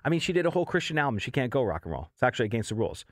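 A man's voice: mid-range voice, big pitch swings, very fast, no echo. A man hosting a morning radio show in casual, jokey chat, laughing often.

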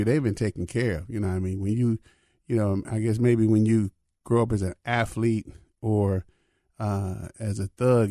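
A man's voice: on the low side, mellow, no echo, clean studio sound. An older man, a pastor, giving an informal spiritual reflection in a conversational way, often asking "you know what I mean".

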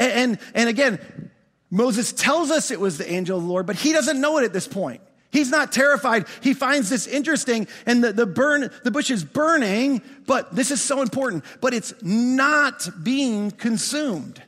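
A man preaching a sermon as pastor, animated, often restarting words and asking his congregation questions. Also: very high voice, normal speed, long reverb tail.

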